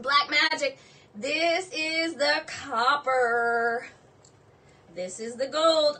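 A woman hosting a live jewelry sale stream, gushing and excitable, exclaiming over each piece. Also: high-pitched, very slow, recorded from a distance.

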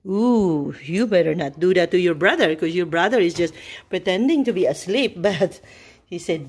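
A woman's voice: fairly low pitch, animated, unhurried, darkish tone. A woman vlogging at home at night, chatting casually and cooing baby talk to her dogs. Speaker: vlogger filming her pets. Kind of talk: casual chat.

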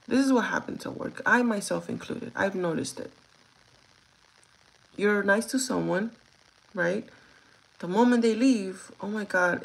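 Gravelly-voiced woman ranting casually. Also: mid-range voice, rough recording. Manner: chatty, ranting, swears freely. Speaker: live streamer. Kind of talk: casual live-stream chat.

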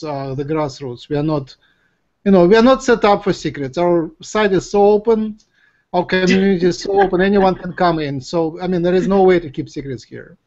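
A man's voice: sits high, darkish tone. A man from the former Soviet Union, hosting a webinar and explaining earnestly. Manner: earnest, repeats phrases, speeds up when explaining. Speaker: host. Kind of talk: casual webinar talk. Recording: dull lo-fi webinar audio.

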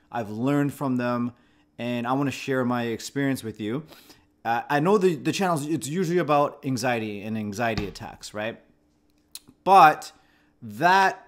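A man in his thirties, a channel host, reflectively telling a personal story to camera in a conversational way, often restarting his phrases. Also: medium pitch. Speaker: host of a channel about anxiety.

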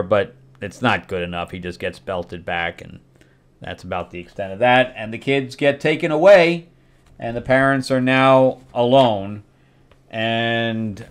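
A middle-aged man with a smooth, medium-pitched voice hosts a casual comic book review. He rambles through a loose plot recap full of fillers, pausing for quick acted-out quotes.

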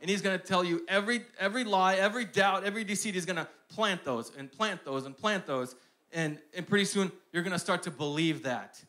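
A young man preaching with a bright, ringing tone and a slightly higher-than-average pitch. He drops to a hushed, intimate voice when he tells his own story, then rises to loud, repeated declarations. His sermon style is emphatic and full of repetition. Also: fairly quick.

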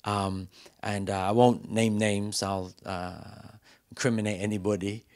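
Male pastor, low register, passionate pulpit delivery with hushed asides. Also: level tone, a little slow. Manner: passionate preaching, swings from loud emphatic calls to quiet intimate asides. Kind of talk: sermon. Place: church.

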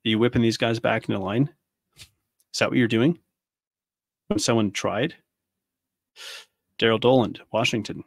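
A man in his thirties speaks in a fairly low voice, hurling pointed rhetorical questions one after another. His delivery is angry and impassioned, a host's monologue recorded close and dry with no room sound. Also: fairly even intonation, normal speed, gravelly, pauses often, no echo. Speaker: podcast host.

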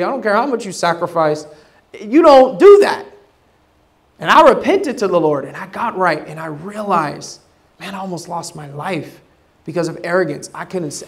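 High-voiced, animated man preaching. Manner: animated preaching, swinging from loud bursts to low asides; casual slang, acts out quoted voices. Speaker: pastor. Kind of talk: sermon.

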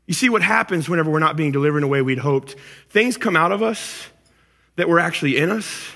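A man preaching a sermon as pastor, animated and acting out angry complaints before dropping to soft, intimate tones. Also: on the high side, brisk, creaky. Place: church auditorium. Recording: church hall reverb with music.

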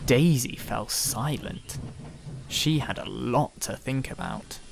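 A narrator reading a railway storybook with a gentle, lively manner, over music. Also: mid-range voice, slow pace, creaky.

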